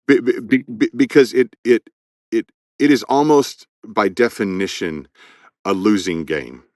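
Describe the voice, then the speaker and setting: A man with a very low voice speaks as a guest in an interview about his work narrating audiobooks. He is thoughtful and often restarts with repeated words as he builds toward a point. The sound is close and dry, with almost no room echo. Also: a little slow, a little mellow. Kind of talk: conversational interview.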